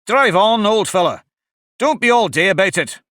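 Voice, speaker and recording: A man voicing a gruff, scornful male Griffin in an audiobook, loud and brusque. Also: sits high, very animated, moderate pace, dry recording, studio quality, voice pushed up, heavily acted. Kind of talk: audiobook character voice.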